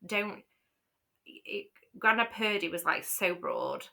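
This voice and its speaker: A woman's voice: mid-range voice, animated, slow, gravelly, sharp tone. A woman with a light Yorkshire accent, co-hosting a podcast and chatting casually, rambling with plenty of fillers and restarts. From Yorkshire, England. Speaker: podcast co-host. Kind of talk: casual chat.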